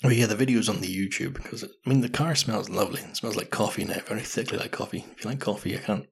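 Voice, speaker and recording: A man in his thirties telling stories on his own podcast in a casual, self-mocking ramble, cursing freely. His voice sits fairly low, with a husky, raspy edge and a lot of gravel in it. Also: quick pace. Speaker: podcast host. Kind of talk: casual solo podcast storytelling.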